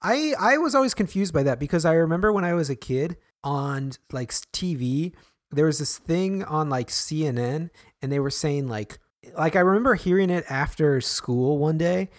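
A man's voice: on the high side, lively intonation, normal speed. A man co-hosting a casual chat, playful and often laughing as he reads odd word mix-ups aloud. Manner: playful, laughing, trying silly voices. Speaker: podcast co-host.

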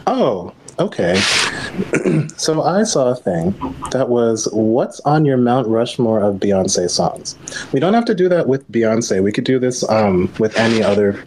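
Young male podcast co-host, pitch swinging up and down, relaxed and laughing, faint background hiss. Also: a little slow. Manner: easygoing, laughs often, lively reactions. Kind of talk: casual chat.

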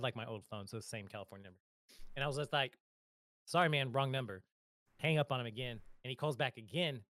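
A man's voice: medium pitch, fairly bright tone, dry recording. A man co-hosting a podcast, telling a story in casual chat, often laughing and quoting himself. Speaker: podcast co-host.

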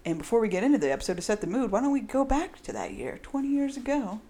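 A woman's voice: on the high side, very animated, quick pace, mellow. A woman hosting a casual podcast, bubbly and rambling, laughing often. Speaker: podcast host. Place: echoey room.

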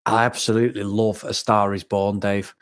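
A man's voice: fairly low pitch, level tone, moderate pace. A man from England co-hosting a comics podcast, talking casually and with enthusiasm, often laughing and repeating words. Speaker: podcast co-host. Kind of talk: casual chat.

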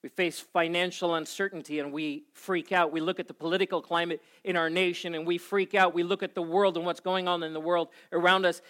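Animated man preaching a story sermon. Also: high-pitched, a little fast, hardly any pauses. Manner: animated storytelling, acting out his own panic. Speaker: pastor.

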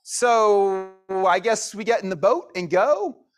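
A pastor giving a sermon in a conversational way, dropping to a hush on key lines. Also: male voice, high voice, expressive, slow pace.

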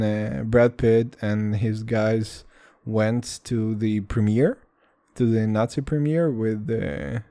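A man's voice: mid-range voice, no room sound, studio quality. Profane, rambling casual male vlogger. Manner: profane, animated, repeats "dude" and "all right".

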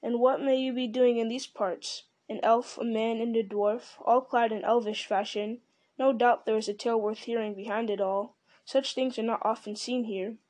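A woman voicing a mysterious hooded old man who speaks softly and knowingly, unhurried and teasing. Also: a little high, steady tone, natural voice. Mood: calm.

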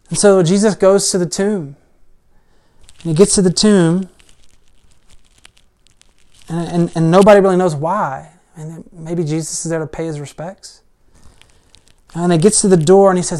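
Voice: medium pitch, fairly even intonation, moderate pace, long pauses, a little mellow. Casual storytelling preacher. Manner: casual storytelling with frequent "like" and "I mean". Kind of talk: conversational sermon.

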